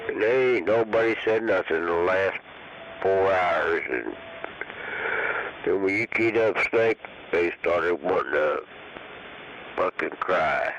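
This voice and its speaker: A man's voice: deep voice, animated, slow pace, pauses often, a bit bright. A man, chatting laid-back and profane over the CB radio. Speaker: CB radio talker. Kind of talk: casual CB radio banter. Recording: dull radio transmission with faint hiss.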